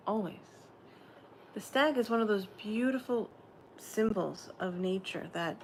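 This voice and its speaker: A woman reads oracle cards in a soft, dreamy way, often dropping into a whisper. Her voice sits in a middle pitch. A faint hum runs under the recording. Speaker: oracle card reader. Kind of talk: spiritual card reading.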